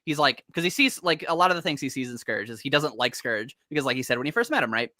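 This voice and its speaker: A young man hosting a casual comics podcast, talking fast and animatedly with lots of swearing and laughter. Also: medium pitch, expressive, sharp tone, no room sound, clean studio sound. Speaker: podcast host.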